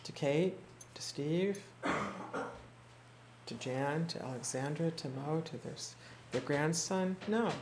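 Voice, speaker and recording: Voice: mid-range voice, background noise. Reflective storyteller teaching a small group. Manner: reflective, unhurried retelling with quoted voices; halting restarts and repeated words. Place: indoor room with a small group.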